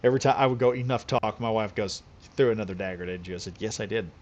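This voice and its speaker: This man races along in a lowish, darkish-toned voice as he chats casually during a late-night game live stream, rambling loosely and chuckling often. It's recorded in slightly dull lo-fi sound.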